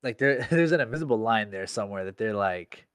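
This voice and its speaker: A man's voice: on the low side, lively intonation, fairly quick, clear, resonant tone, no room sound, clean studio sound. A young man in casual chat, telling a work story in slangy speech full of "like". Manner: slangy storytelling, heavy use of "like".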